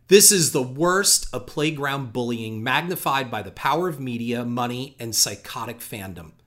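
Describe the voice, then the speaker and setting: Animated man reading quotes aloud. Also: medium pitch. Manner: animated, emphatic reading with sarcastic asides. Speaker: podcast host.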